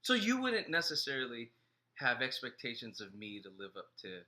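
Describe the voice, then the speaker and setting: A man's voice: medium pitch, wildly swooping pitch, moderate pace, bright, forceful tone. A man co-hosting a casual talk show, asking curious questions and giving brief affirmations. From immigrant family. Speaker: co-host. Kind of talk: casual conversational chat.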